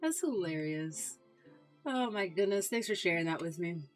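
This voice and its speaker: A chatty woman streamer gives casual gameplay commentary in a lowish voice that swoops up and down with animated expression. She talks straight to her viewers and laughs easily, with faint music playing underneath. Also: normal speed.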